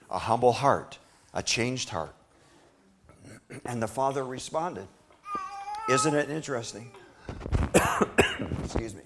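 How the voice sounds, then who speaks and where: A man's voice: medium pitch, lively intonation, takes it slowly, long pauses, fairly bright tone, a little hiss or hum. A man preaching a sermon, reading scripture dramatically and asking the congregation rhetorical questions.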